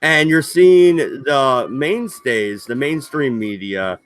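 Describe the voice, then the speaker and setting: A man co-hosting a casual livestream at a slow, unhurried pace, with a mid-pitched voice. He reads out the chat and comments on it, pausing often on hesitant ums. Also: dry recording. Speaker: co-host reading chat.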